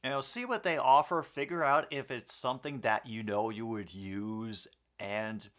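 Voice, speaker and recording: A young man doing laid-back play-by-play of a football game. He talks in a rambling, chatty way, full of fillers and restarts as he answers viewers between plays. His voice sits at an ordinary mid pitch for a man. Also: normal speed, a bit bright. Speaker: host of a sports commentary stream. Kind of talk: casual play-by-play commentary and viewer chat.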